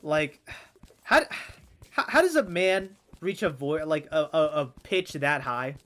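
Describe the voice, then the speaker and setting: A hoarse man in his twenties chatting casually while playing a game, rambling with stammered restarts and frequent swearing. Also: fairly high pitch, lively intonation, measured pace, a bit bright. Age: 20s. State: hoarse, strained voice. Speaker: gaming streamer.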